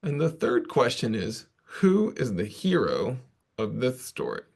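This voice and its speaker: A man speaks to a conference audience and tells a workplace story. His delivery is casual and self-deprecating, full of offhand asides. His voice sits at a middling pitch. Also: huge pitch swings, unhurried, gravelly. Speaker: conference presenter. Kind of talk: conversational storytelling talk.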